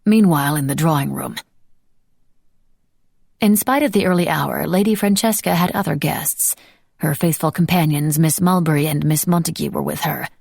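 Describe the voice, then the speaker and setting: Brief: audiobook narrator, woman, gravelly texture, dry close sound. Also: deep voice, moderate pace, darkish tone, no room sound.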